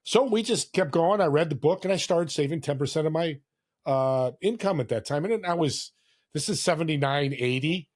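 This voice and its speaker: A slightly high-voiced man in his sixties speaks at a moderate pace as a podcast guest. He tells stories warmly and earnestly, sometimes acting out the lines of other people, in a casual storytelling interview.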